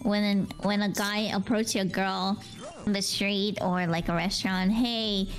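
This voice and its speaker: A woman chatting casually as a guest on a game stream, unhurried and hesitant. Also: mid-range voice, flat delivery, faint music behind. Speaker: collab guest.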